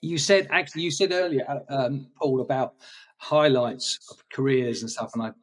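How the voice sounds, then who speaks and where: Man, photographer guest, rambly, restarts a lot, mid-pitched voice a bit off-mic. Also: moderate pace, far from the mic. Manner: rambling, hesitant with many restarts. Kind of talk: casual interview chat.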